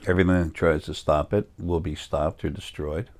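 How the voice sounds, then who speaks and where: Deep-voiced man rambling on spirit. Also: fairly even intonation, normal speed, a little mellow. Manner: meandering, self-correcting, earnest. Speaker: spiritual teacher.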